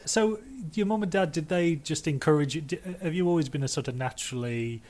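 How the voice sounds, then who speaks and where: A man's voice: a little high, fairly quick, darkish tone. A man hosting a podcast, asking loose, rambling questions with restarts in a casual interview. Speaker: podcast host.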